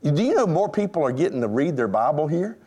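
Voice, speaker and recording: A man's voice: on the high side, very animated, fast talker, dark tone. A man preaching a sermon to his congregation, emphatic and rhetorical, addressing them directly. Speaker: pastor.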